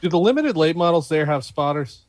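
A man's voice: a little high, expressive, brisk, no room sound. A man on a podcast panel in casual chat, making dry remarks and asking questions.

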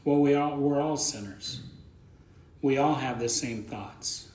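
A man's voice: medium pitch, takes it slowly, darkish tone. Folksy preacher man, echoey room. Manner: folksy, plain-spoken, repeats words as he thinks aloud. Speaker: pastor. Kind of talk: conversational sermon.

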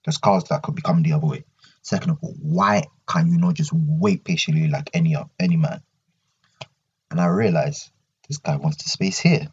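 A man's voice: a bass voice, moderate pace, husky, lo-fi sound. A young man hosting a solo podcast, ranting animatedly and repeating his points. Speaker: podcast host.

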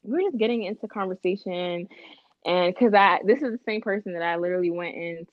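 A woman's voice: a little fast, no echo. A young woman in casual podcast chat, telling a dating story and acting out the other people's lines. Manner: animated storyteller, acts out quotes with big pitch jumps. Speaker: podcast co-host. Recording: dull, slightly lo-fi, dry.

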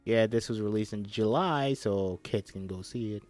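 A man's voice: on the low side, moderate pace, a little mellow, dry recording, soft background music. A man reads a film script aloud and breaks off for jokey, swearing asides, acting out the characters' lines as he goes.

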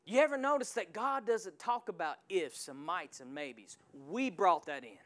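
A male pastor preaching a sermon in a church, calling out to the congregation and swinging from quiet asides to loud surges. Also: high-pitched, lively intonation, normal speed. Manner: call-and-response preaching with sudden loud surges.

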